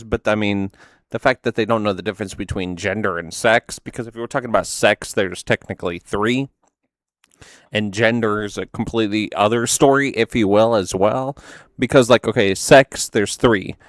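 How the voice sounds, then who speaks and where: A man's voice: fairly low pitch, moderate pace, dry recording, clean studio sound. A man hosting a reaction video, talking casually in a rambling, sarcastic way with lots of "like".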